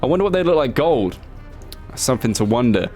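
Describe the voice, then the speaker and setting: A man giving casual, excitable commentary as a gaming YouTuber. He swears freely and jokingly scolds himself as he talks. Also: mid-range voice, fairly quick, faint music behind.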